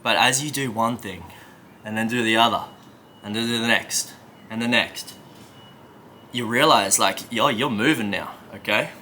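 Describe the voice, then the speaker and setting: A man speaking as a self-help coach, with a very bright, sharp tone and a somewhat low pitch. He talks emphatically and conversationally, and often checks in with the listener. Faint room ambience sits behind him. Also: normal speed, long pauses, a little hiss or hum. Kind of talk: motivational coaching talk.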